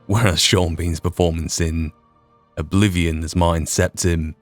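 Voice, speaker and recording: A man's voice: deep voice, fairly even intonation, moderate pace, no room sound, faint music behind. A young man with a Yorkshire accent, hosting a casual podcast retrospective in a rambling, self-deprecating way with mild swearing. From Yorkshire, England. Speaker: podcast host and mod creator.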